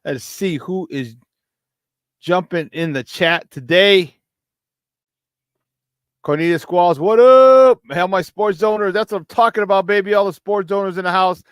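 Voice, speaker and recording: A man hosting a casual sports talk show, hyped and shouting out viewers with frequent laughs. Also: high voice, normal speed, clear, resonant tone, no room sound.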